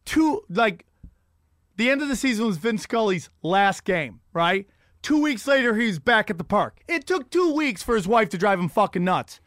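A man's voice: high-pitched, fairly bright tone, no room sound, studio quality. A man hosting a casual chat, telling rambling, profane, self-mocking stories.

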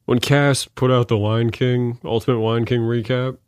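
A man's voice: medium pitch, steady tone, normal speed, smooth, no room sound, clean studio sound. A man co-hosting a podcast, laid-back and hesitant in casual chat. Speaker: podcast co-host.

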